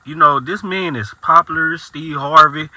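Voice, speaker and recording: A man reacting to a clip with casual, unhurried commentary and amazed remarks. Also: a little high, pushed and bright, no echo, poor audio.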